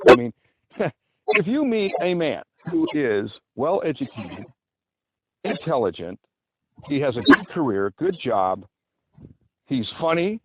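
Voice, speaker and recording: A middle-aged man from the USA hosting a podcast, giving dating advice in a rambling, boastful, lecturing monologue. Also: mid-range voice. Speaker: podcast host. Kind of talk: casual monologue. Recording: tinny phone-line sound with faint noise.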